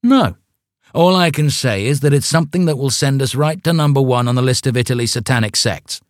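A man's voice: medium pitch, moderate pace, dry recording, studio quality, voice pushed up, natural voice. A man playing a pompous young sect leader. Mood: ranting. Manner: grandiose, ranting.

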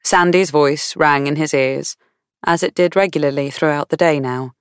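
A woman reading a novel aloud in measured, warm storytelling. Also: sits low, clear, resonant tone, dry recording, clean studio sound. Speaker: audiobook narrator. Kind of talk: scripted narration.

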